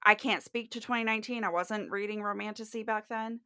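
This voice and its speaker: A woman co-hosting a podcast, chatting casually about books in an agreeable, measured way. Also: mid-range voice, fairly even intonation, sharp tone, clear, resonant tone, no echo, studio quality. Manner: agreeable, measured, backchannels a lot. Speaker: podcast co-host. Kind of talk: casual book chat.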